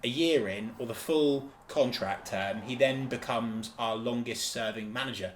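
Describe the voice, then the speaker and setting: A man's voice: medium pitch, unhurried, a little hiss or hum. A man co-hosting a football podcast, talking in an enthusiastic, emphatic way and often repeating himself. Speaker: podcast co-host. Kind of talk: casual football chat.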